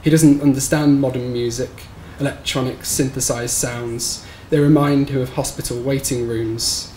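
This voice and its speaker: A man reading his own short story aloud at a live bookshop event, in a measured, somber storytelling manner. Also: mid-range voice, steady tone, darkish tone. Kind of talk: live reading of literary fiction. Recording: roomy live recording with faint background noise.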